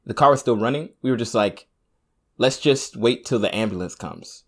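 A man's voice: mid-range voice, normal speed, slightly rough. A man co-hosting a podcast, telling rambling anecdotes in casual chat and laughing often. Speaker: podcast co-host.

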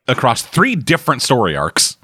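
A man's voice: mid-range voice, wildly swooping pitch, moderate pace, bright, forceful tone, husky, no echo, clean studio sound. A man hosting a comic book podcast, chatting loosely with co-hosts and swearing casually. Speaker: podcast host. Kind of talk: casual chat.

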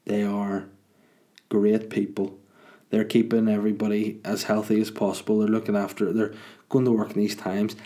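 A man talks in a loose, rambling monologue. He rants and swears freely in a lowish, warm, mellow voice. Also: monotone, normal speed. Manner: chatty, ranting, swears freely.

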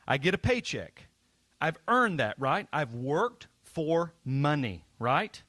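A man's voice: fairly high pitch, takes it slowly, no room sound. Playful male pastor teaching children. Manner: lively, playful teacher asking kids questions. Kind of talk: children's sermon.

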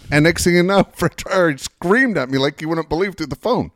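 A man's voice: a little high, lively intonation, brisk, few pauses, no echo. A middle-aged man co-hosting a loose chat, swearing and laughing as he tells his stories. His voice rises and falls a lot, and the sound is dry and close. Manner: swears freely, laughs while telling stories. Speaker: co-host. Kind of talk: casual chat.

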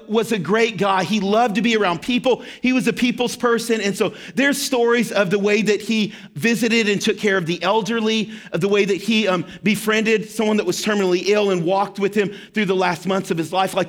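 A man pastor telling a story in a sermon, dropping to a hushed tone for emphasis. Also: sits high.

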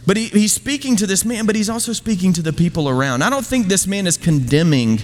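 Male pastor, sermon delivery, rhetorical and conversational, slightly high voice, long hall echo. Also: expressive, fast talker. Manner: rhetorical questions, emphatic, conversational asides.

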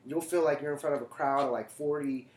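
A man's voice: on the high side, fast talker, heavy background noise. Comedian man ranting on a podcast. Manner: animated, emphatic and profane when ranting. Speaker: stand-up comedian. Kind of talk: casual podcast chat. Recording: roomy echo.

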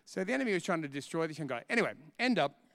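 High-pitched, animated male preacher. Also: very fast, creaky, no room sound. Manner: animated storytelling, laughing at himself. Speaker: pastor. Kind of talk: sermon with personal story.

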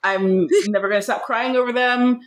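A woman's voice: on the high side, fairly even intonation, moderate pace. Earnest, emotional woman podcast co-host. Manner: earnest and emotional, laughing often. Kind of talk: casual podcast chat.

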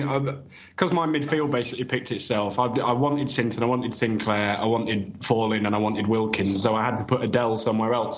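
A man in a relaxed, reflective football chat over a video call, with a wry edge. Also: lowish voice, a little hiss or hum. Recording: dull lo-fi video call audio.

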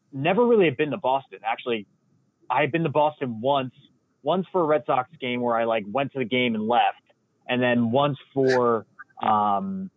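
A man's voice: mid-range voice, no room sound. A young man from Connecticut chatting casually, rambling with lots of fillers. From Connecticut, USA. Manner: relaxed, rambling with many fillers. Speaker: guest. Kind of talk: casual chat. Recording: tinny phone-like line.

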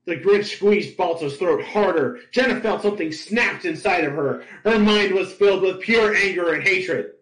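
A man's voice: high-pitched, normal speed, few pauses, a bit bright, roomy sound, rough recording. A man hosting a podcast, narrating fan fiction with laughing, theatrical delivery at a live convention panel. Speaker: podcast host.

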